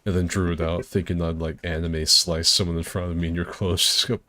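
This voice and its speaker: A man's voice: low-pitched, level tone, brisk, pushed and bright. A man streaming a co-op game with friends, rambling in a laid-back way, swearing freely and laughing often. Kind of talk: casual gaming chat.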